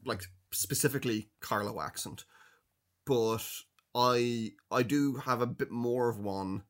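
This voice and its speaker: A man's voice: mid-range voice, a little slow, a bit bright. An Irish man co-hosting a podcast, talking in a thoughtful way and searching for his words. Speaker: podcast co-host. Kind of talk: casual chat.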